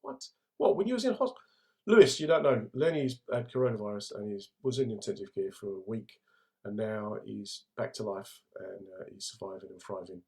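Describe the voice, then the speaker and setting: A man's voice: fairly low pitch, animated, a little fast, creaky, warm tone. A middle-aged man with a London accent, a comedian hosting a casual livestream in a jokey, laddish way and reading out viewer comments. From England.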